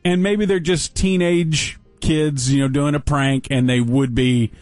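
A man telling a story on a casual talk show, wry and deadpan, with dry sarcasm. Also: a little high, unhurried, no room sound.

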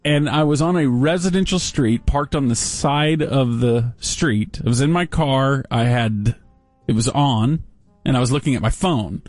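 A man telling a story on a casual talk show, wry and deadpan, with dry sarcasm. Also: mid-range voice, a little slow, hardly any pauses, dry recording, soft background music.

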